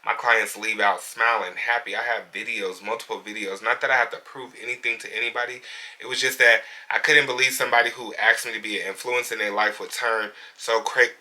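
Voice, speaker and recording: A man's voice: fairly low pitch, steady tone, fairly quick, pushed and bright. A man, a hairstylist, candidly retelling a bad encounter with a client in a casual vlog. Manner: candid, conversational, indignant retelling. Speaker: hairstylist and salon owner.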